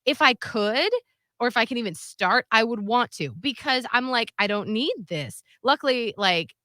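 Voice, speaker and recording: Animated, bright-voiced woman co-host. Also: on the high side, moderate pace, no room sound, clean studio sound. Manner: animated storytelling with quoted voices and frequent "like". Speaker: radio show co-host. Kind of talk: casual chat.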